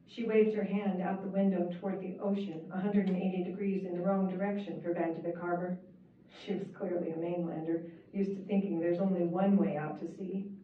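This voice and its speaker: A woman, the author, reading her own first-person novel aloud in a measured, wry storytelling manner. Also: lowish voice, flat delivery. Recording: echoey, distant, phone-like and hissy.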